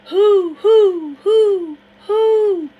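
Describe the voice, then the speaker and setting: A woman voicing an excitable runaway man who hollers and hoots in dialect. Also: a little high, measured pace, slightly rough, muffled recording, pitched above the performer's own voice, heavily acted. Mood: hollering wild. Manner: loud, hollering, dialect speech.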